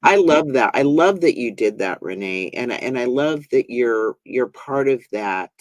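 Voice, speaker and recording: A man's voice: mid-range voice, animated, a little slow, dry recording. A man hosting a spiritual talk show, speaking in a thoughtful, earnest way and sometimes acting out the voices of people he quotes. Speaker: minister and talk show host. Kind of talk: reflective conversational talk.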